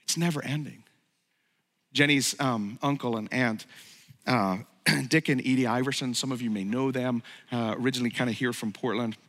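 A man's voice: mid-range voice, fairly even intonation, moderate pace, a bit bright. A middle-aged man preaching a sermon as pastor, emphatic and building to raised peaks. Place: church sanctuary. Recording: long hall reverb.

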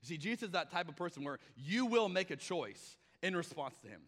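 Bright-voiced man preaching in a hall. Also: fairly high pitch, big pitch swings, fairly quick. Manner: conversational, acts out quoted voices. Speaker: pastor. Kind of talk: sermon.

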